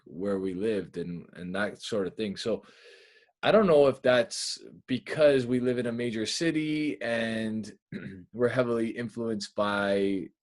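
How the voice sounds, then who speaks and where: A young Canadian man with a Canadian accent, hosting a podcast in an animated, storytelling chat. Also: on the low side. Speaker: podcast host. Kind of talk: casual chat.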